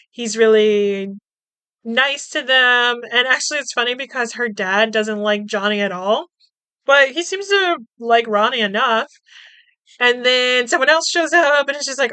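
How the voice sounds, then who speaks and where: A woman's voice: fairly high pitch, slow, bright, forceful tone, clear, resonant tone, dry recording. A woman podcast host casually recapping a movie, chatty and swearing, laughing as she acts out the characters' lines.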